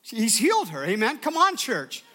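A man's voice: very high voice, huge pitch swings, moderate pace, bright, forceful tone. A man preaching a sermon as pastor, emphatic and calling out to his congregation for response.

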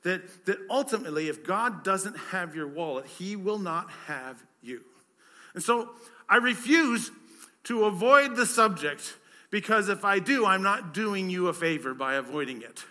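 A male pastor delivers a conversational sermon. His voice sits high and sounds strikingly bright. He leans on rhetorical questions and often repeats words as he goes. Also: expressive, unhurried.

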